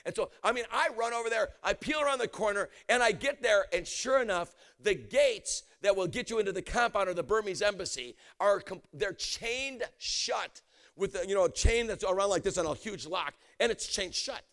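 A man preaching a story in an animated, storytelling sermon, now and then shouting. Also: sits high, normal speed. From United States.

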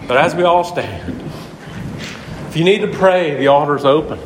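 Brief: high-pitched male pastor, fervent sermon delivery, long-reverb church hall. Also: expressive, normal speed, noisy background. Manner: impassioned, addresses congregation members directly. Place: church sanctuary.

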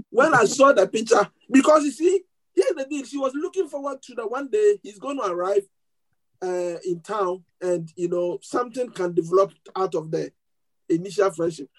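A male preacher telling a story from the pulpit, lively and chatty. He often stumbles and repeats words as he searches for the next thing to say, then pushes on. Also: high-pitched, low-quality recording. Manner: repetitive restarts, animated storytelling with laughs. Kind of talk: sermon storytelling.

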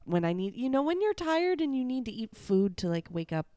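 A woman co-hosting a casual podcast, sick and tired, giving short deadpan replies. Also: fairly high pitch, brisk, clear, resonant tone, dry recording, clean studio sound. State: sick and tired, rough-voiced. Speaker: podcast co-host. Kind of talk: casual chat.

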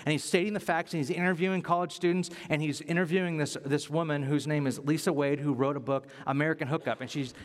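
Preacher, male, slightly high voice, conversational but emphatic sermon delivery, repeats key points, long reverb of a big hall. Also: fairly even intonation, fast, hardly any pauses.

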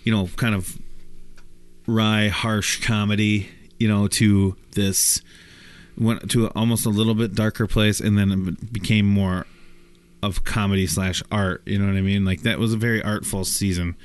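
A man's voice: fairly low pitch, level tone, clear, resonant tone. A man, chatting casually and jokily as a podcast host. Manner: chatty, jokey, quick to jump in. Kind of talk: casual chat.

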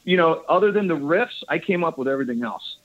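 A man, a guest bass player, telling stories in a casual interview, rambling and enthusiastic, laughing often. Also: animated, fast. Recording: dull lo-fi audio.

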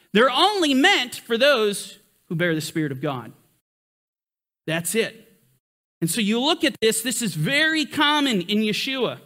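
A man leads a Bible study lecture, reading verses aloud and driving his points home. His voice sits very high and rings bright, and his pitch swings widely as he presses each point. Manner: emphatic, rising and falling, reads scripture aloud. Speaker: Bible teacher.

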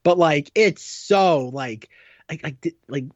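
A man's voice: fairly high pitch, slow, darkish tone, no echo. Wry man with a dull, dry sound. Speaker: podcast co-host. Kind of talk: casual chat.

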